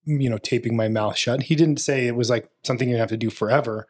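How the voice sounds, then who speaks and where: A man co-hosting a podcast in casual conversation, relaxed and heavy on fillers like "you know" and "like". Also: medium pitch, fast talker, breathy edge. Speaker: podcast co-host.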